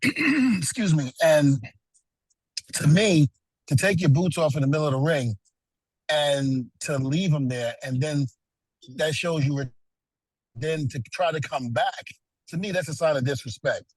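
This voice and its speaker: A man's voice: on the high side, measured pace, pauses often, slightly rough, no room sound, rough recording. A middle-aged man, a retired pro wrestler, telling earnest stories as a guest in a casual interview, with many "you know"s.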